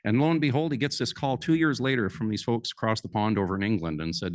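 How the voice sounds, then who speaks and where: A man's voice: fairly low pitch, fast talker, few pauses, no echo, clean studio sound. Folksy man telling stories. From Alberta, Canada. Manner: folksy, lively storyteller. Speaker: conference speaker. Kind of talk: folksy storytelling to a live audience.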